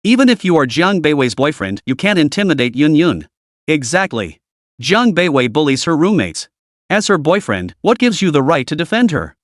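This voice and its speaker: A man's voice: on the high side, very animated, moderate pace, no room sound, studio quality. A man voicing indignant young female college students in a story recap, accusing and protective.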